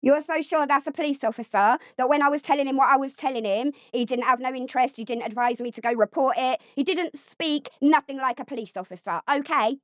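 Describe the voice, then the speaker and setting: A woman's voice: high-pitched, fairly quick, hardly any pauses, no room sound, lo-fi sound. A woman arguing angrily at home, accusatory and sarcastic. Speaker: vlogger. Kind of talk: heated domestic argument.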